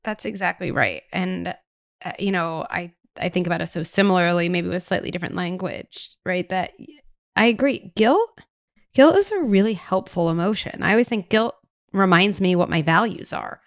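A woman podcast host and psychologist, measured and affirming as she explains ideas to her guest. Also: on the low side, animated, no echo, clean studio sound. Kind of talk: podcast interview.

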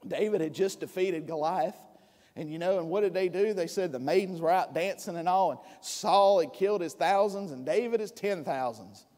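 Man, sermon, folksy, halting restarts, long church echo. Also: high voice, darkish tone. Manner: folksy, conversational preaching with many restarts. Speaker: preacher. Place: church sanctuary.

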